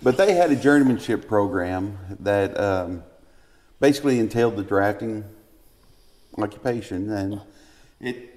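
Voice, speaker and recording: A low-pitched man speaking as a podcast guest, with a dry, understated manner. He pauses and restarts as he searches for the right words. His voice rings with a long reverb from the room. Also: animated, darkish tone. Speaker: guest engineer. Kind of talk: casual chat.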